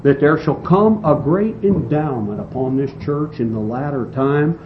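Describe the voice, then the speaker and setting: Man, preacher, sermon, slow emphatic delivery, dull lo-fi sound, faint hiss. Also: medium pitch, animated. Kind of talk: sermon reading and expounding scripture.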